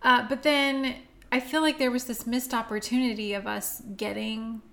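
A woman's voice: on the high side, steady tone, normal speed, fairly bright tone. A woman co-hosting a casual film-review chat, chatty and laughing often, with frequent fillers. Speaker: podcast co-host.

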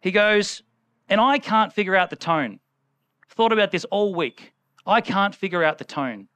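A man's voice: sits high, animated, normal speed, a bit bright, clear, resonant tone, no room sound. A man preaching a conversational sermon, acting out the people in the story as he retells it.

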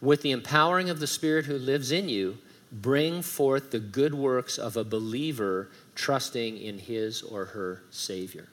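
Speaking at a measured pace in a mid-range voice with a fairly bright tone, a middle-aged pastor preaches conversationally. He slips in lighthearted, humorous asides and reads scripture aloud emphatically.

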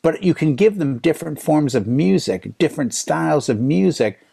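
A man in his fifties, a DJ, telling animated stories in a casual conversation and acting out other people's lines. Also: fairly high pitch, normal speed, creaky, slightly rough. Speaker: DJ and podcast co-host. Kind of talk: casual chat.

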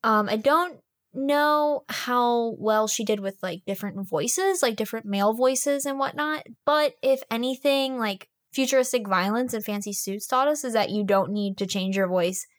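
A woman co-hosting a podcast, reviewing an audiobook in casual, fast chat full of "like" fillers. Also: a little high, no room sound, clean studio sound. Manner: chatty, fast, lots of "like" fillers.

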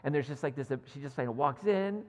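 Male pastor, chatty, self-deprecating storyteller, slightly higher voice, echoing sanctuary. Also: lively intonation, brisk. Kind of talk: sermon. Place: church sanctuary. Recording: long hall reverb.

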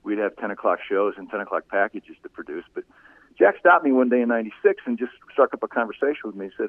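A man and former radio broadcaster telling animated anecdotes in a casual interview. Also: medium pitch, fast, gravelly, dry recording. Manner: animated anecdotes, voice rising when telling funny moments. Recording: phone-like narrow sound, dry.

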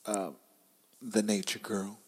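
A man co-hosting a relaxed podcast chat. He talks loosely, laughs often, and swears freely. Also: lowish voice, slow, breathy edge. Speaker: podcast co-host. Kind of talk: casual chat.

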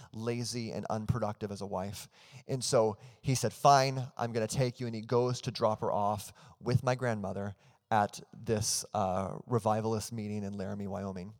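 A man's voice: fairly low pitch, darkish tone. Earnest male pastor in a reverberant hall. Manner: earnest storytelling, then prayer. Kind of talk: sermon. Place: church hall.

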